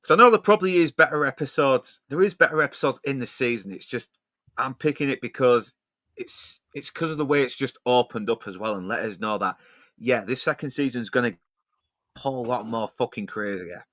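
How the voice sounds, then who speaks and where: A laid-back man hosts a casual podcast, cursing freely and padding his talk with fillers. His voice sits at an ordinary pitch and sounds dry and close, with no room around it. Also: animated, a little fast, pushed and bright, dry recording. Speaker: podcast host.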